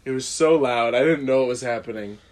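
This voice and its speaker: A man's voice: medium pitch, brisk, darkish tone. A young man casually telling a rambling, self-deprecating story on a podcast, often laughing. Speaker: guest.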